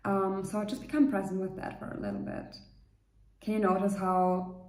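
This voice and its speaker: A woman coach talks the listener through a calm meditation, gentle and reassuring, with a loose, off-the-cuff flow. Her medium voice sits in a roomy, echoing space. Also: medium pitch, normal speed. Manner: gentle, reassuring, unscripted with fillers. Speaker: manifestation coach. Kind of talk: guided meditation talk. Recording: roomy echo.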